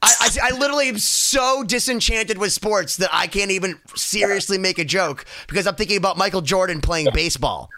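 A man with a high, bright voice cohosts a casual podcast, cracking deadpan jokes between the guest's answers. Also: fairly quick, hardly any pauses. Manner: jokey, deadpan asides. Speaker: podcast host.

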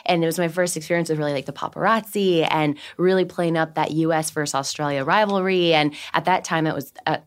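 A woman in her thirties from the United States, a guest on a podcast interview, telling stories in an animated way, laughing often and acting out what people said. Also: sits low, quick pace, few pauses, smooth. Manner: animated, laughs often, acts out quotes of herself and others. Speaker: guest, Olympic swimmer.

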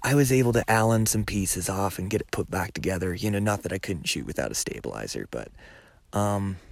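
A man talking casually to his viewers outdoors during a backcountry hunting trip, earnest and at times hushed. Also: low voice, lively intonation, a little fast, creaky, no room sound. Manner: earnest, drops to a hushed near-whisper at times. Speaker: hunting vlogger. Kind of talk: casual chat to camera.

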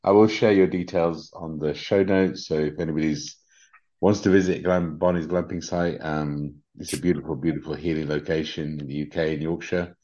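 A middle-aged man with a British accent hosting a spiritual podcast, talking gently and earnestly with many fillers and restarts. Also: a bass voice, fairly even intonation, normal speed, highs cut off. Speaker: podcast host. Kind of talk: casual spiritual podcast talk.

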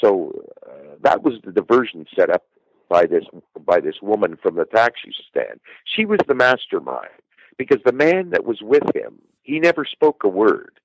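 A man's voice: lowish voice, very animated, moderate pace, gravelly, dry recording, lo-fi sound. A man telling the story of an old murder as a podcast guest, rambling with fillers and restarts. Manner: rambling, repeats words and restarts, many uh fillers. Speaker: guest true-crime researcher.

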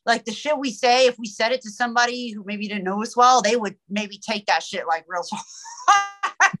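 A woman's voice: on the high side, expressive, moderate pace, sharp tone, soft background music. Blunt, candid young woman rapper. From United States. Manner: blunt and candid, swears freely, laughs often. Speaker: rapper guest. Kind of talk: casual interview chat.

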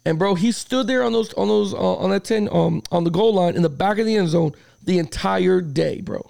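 A man's voice: high-pitched, a little fast, no room sound. A man hosting a casual sports podcast, telling stories with lots of swearing and acting out the arguments. He is a youth football coach. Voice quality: gravelly. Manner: animated storyteller, swears a lot, acts out arguments. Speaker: podcast host.

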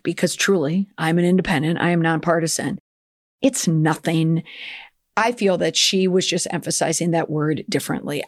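A woman hosts a public relations podcast, offering chatty, opinionated commentary and occasionally slipping into playful mock accents. Her slightly low voice is recorded close and dry, with no room sound.

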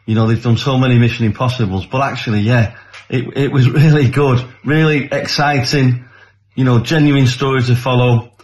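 A man's voice: medium pitch, fairly even intonation, moderate pace, darkish tone. An older man giving a casual film review, plain-spoken and good-humoured. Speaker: guest reviewer.

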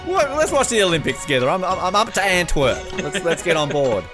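A man's voice: high voice, big pitch swings, brisk, music in the background. A man co-hosting a podcast, bantering and joking at his own expense in casual chat. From Australia. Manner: joking, self-mocking banter. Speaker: podcast co-host.

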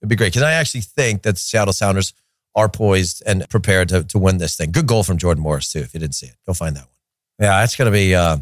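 A man's voice: deep voice, fast, dry recording, studio quality. A man hosting a soccer podcast in a chatty, opinionated way, with joking rants. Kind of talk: casual solo commentary.

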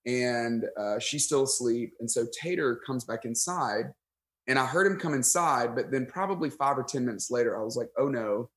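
A man, a pastor guest on a podcast, telling a story in casual conversation, self-deprecating and animated, acting out his own thoughts. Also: medium pitch, moderate pace. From United States.

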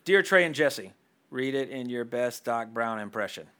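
A man hosting a casual podcast chat, joking and animated. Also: mid-range voice. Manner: animated, joking, talks quickly. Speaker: podcast host.

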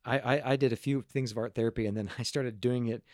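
A man's voice: medium pitch, fast talker, dry recording, clean studio sound. Earnest man telling stories, stumbling over words. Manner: earnest, animated, with stumbling repeated restarts. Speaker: guest speaker on parenting and emotions. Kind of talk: casual storytelling talk to a group.

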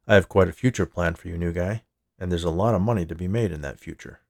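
A man's voice: low voice, quick pace, dry recording, clean studio sound. A man doing a smug, menacing company boss. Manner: smooth and condescending.

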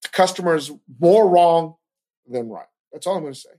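A man hosting a podcast, ranting in casual, profane commentary with animated outbursts. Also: a little high, moderate pace. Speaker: podcast host.

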